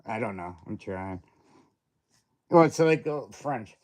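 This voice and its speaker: A man's voice: on the low side, expressive, unhurried, long pauses, slightly rough. A man hosting a casual livestream, rambling and self-mocking as he reads viewer comments aloud. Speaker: livestream host. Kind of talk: casual livestream chat while unboxing.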